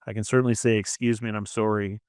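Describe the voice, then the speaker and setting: A man's voice: fairly low pitch, little pitch movement, fast talker, clear, resonant tone, dry recording, clean studio sound. A man, co-hosting a casual faith-based chat and rambling with frequent "you know" fillers. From Minnesota. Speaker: podcast co-host.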